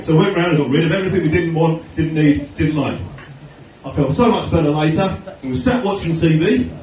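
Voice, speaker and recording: A middle-aged Australian man doing a stand-up comedy set, telling chatty stories with deadpan punchlines. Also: a little high, quick pace. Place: comedy venue stage with audience laughter. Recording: echoey room from far off, noisy.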